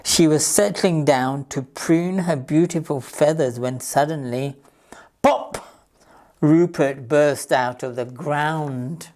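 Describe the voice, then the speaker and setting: A woman reading a picture book aloud to children as a library storyteller, in a slow, gentle, clear manner. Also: low voice.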